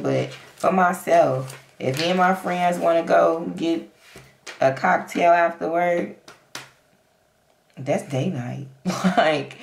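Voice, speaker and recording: A woman's voice: deep voice, gravelly, roomy sound, a little hiss or hum. A young adult woman, chatting casually and playfully as she talks through her savings and counts cash aloud. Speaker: budgeting vlogger. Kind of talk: casual chat to camera.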